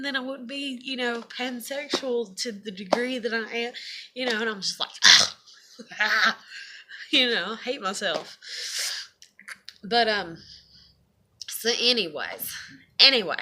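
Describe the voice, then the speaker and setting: A woman's voice: fairly high pitch, takes it slowly, long pauses, noisy background. A woman talking casually to camera in a confessional vlog, rambling with lots of fillers and swearing. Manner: rambling, profane, many fillers. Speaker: vlogger.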